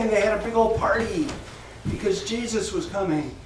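A man teaching a children's Sunday school class, telling a Bible story slowly and with animation and asking the children questions. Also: high voice, big pitch swings, bright, forceful tone. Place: church classroom. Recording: echoey room, distant mic, faint noise.

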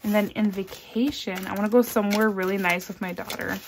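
Soft-spoken woman counting cash aloud. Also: steady tone, a little fast, noisy background. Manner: counts bills aloud in a soft, low murmur; chatty and upbeat between counts. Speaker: budgeting vlogger. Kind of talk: casual cash-stuffing vlog.

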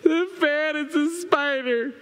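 A tiny, fearless little boy's voice pitched high and pleading, as a man puts it on while telling a story. The sound rings out with long hall reverb from a church sanctuary. It is a small, whiny plea. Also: slow, fairly bright tone, full character voice. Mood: scared. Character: scared little boy, about three, small and fearless.

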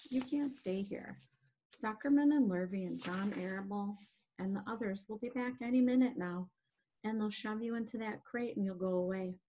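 A woman voicing a wise, gentle female spider in a storybook, speaking in a calm, measured way. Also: mid-range voice, natural voice. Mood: firm.

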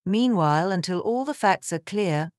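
A woman's voice: mid-range voice, lively intonation, moderate pace, a little mellow, no echo, studio quality, lightly acted. A woman voicing a stern security chief. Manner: formal, curt. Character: stern male head of airport security.

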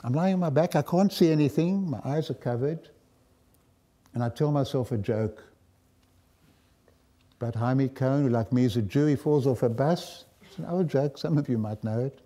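An older man with a South African accent, giving a lecture as a guest speaker and telling personal stories in a reflective, wry way with frequent pauses. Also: mid-range voice, dark tone. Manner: reflective, wry, pausing often. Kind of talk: storytelling lecture.

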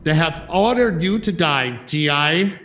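An actor playing a calm, taunting male enemy propaganda radio announcer in a wartime broadcast clip, speaking in a measured, coaxing way. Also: a little high. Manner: measured, coaxing, repeats the listener's title.

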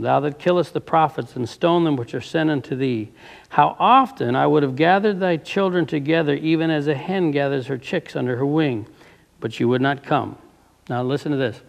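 A man's voice: a little high, creaky. A man preaching a sermon, reading passages aloud and stopping to ask his listeners fervent rhetorical questions. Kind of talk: sermon reading from a book with commentary.

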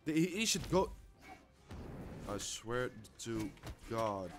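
Young guy cursing at his game, slow talk but voice jumps all over, mutters to himself. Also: mid-range voice, sing-song, music in the background. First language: Dutch. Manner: frustrated, swears constantly. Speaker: gamer. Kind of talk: live gameplay commentary.

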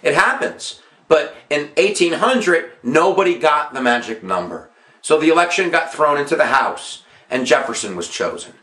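A man's voice: fairly high pitch, sing-song, moderate pace, bright, forceful tone. A male history teacher giving a casual, jokey exam-review lesson with emphatic points and self-mocking asides. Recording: echoey room.

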